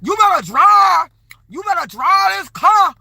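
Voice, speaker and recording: A woman mimicking a loud, belligerent woman passenger who yells confrontationally. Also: very high-pitched, expressive, unhurried, vocal fry, dry recording, voice pushed up, exaggerated voice. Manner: shouting, confrontational.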